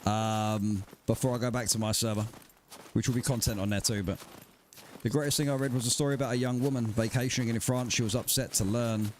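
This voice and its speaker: A man's voice: medium pitch, fairly even intonation, brisk. Male streamer, loose chatty banter with chat, mid-range voice, light hiss behind. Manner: chatty, swearing banter with viewers. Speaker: game streamer. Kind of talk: casual livestream chat.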